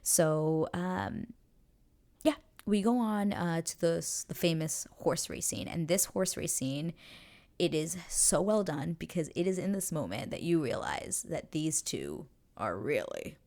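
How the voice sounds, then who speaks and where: A young woman hosting a casual reaction recap, excitedly retelling scenes, swearing freely and acting out the characters' lines. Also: low-pitched, measured pace. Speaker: show reaction host.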